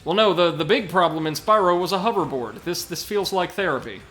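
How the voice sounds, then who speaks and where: A man's voice: sits high, expressive, fairly quick, a bit bright, soft background music. A man casually commenting on a video game during a live stream, reading chat aloud with dry, sarcastic asides. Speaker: streamer and co-host.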